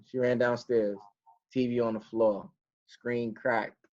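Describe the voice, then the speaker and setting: A man co-hosting a podcast, telling stories in relaxed, slangy casual chat. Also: mid-range voice, takes it slowly, muffled recording. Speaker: podcast co-host.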